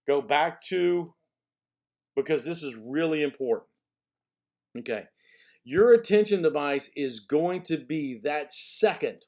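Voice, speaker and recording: A male college speech instructor recording a lecture, his voice sitting slightly higher than average. He talks in a relaxed, conversational way, checking in with "okay?" as he goes. When a point matters, he slows down and repeats the word for emphasis. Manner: emphatic, repeats key words for stress.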